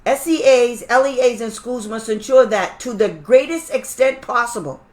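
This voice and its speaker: A woman's voice: a little high, normal speed, a little mellow. A middle-aged woman advising parents as a special education advocate, blunt, sarcastic and fiery in an informal talk.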